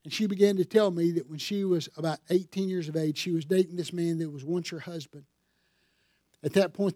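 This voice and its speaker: A man's voice: high-pitched, mellow, no room sound, clean studio sound. A man preaching a sermon as pastor, telling stories in a folksy way and building to fervent emphasis.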